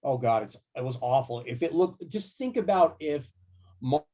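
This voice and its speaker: A man working as a guitar tech, telling tour stories in a casual, slangy, animated way. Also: medium pitch, moderate pace, muffled recording. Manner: animated, laid-back, slangy. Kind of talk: casual storytelling.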